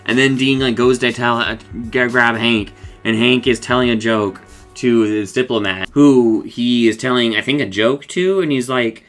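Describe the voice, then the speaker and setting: A man's voice: medium pitch, moderate pace, fairly bright tone, soft background music. A man casually recapping a cartoon episode, rambling and acting out the characters' lines, laughing often.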